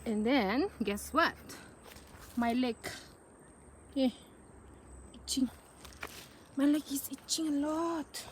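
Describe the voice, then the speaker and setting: A woman's voice: high voice, slow, long pauses, a little hiss or hum. A young woman, chatting in a casual vlog as she walks around a farm outdoors, exclamatory and thinking aloud. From Nagaland, northeast India. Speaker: vlogger.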